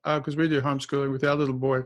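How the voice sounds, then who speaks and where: A man hosting a podcast, friendly and teasing with his guest and quick to laugh. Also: mid-range voice, level tone. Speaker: podcast host. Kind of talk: casual podcast chat.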